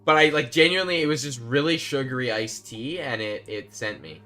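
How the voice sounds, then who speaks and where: A man's voice: mid-range voice, lively intonation, fairly quick, pushed and bright. A man live-streaming a game, chatting casually and rambling to his viewers while he plays. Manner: chatty, rambling, talks to chat while playing.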